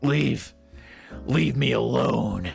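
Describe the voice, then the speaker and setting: A man's voice: mid-range voice, creaky, a bit bright, faint music behind, pitched above the performer's own voice. A man doing a sullen angry hedgehog. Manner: sullen, slow and sneering. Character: brooding angry teenage male hedgehog.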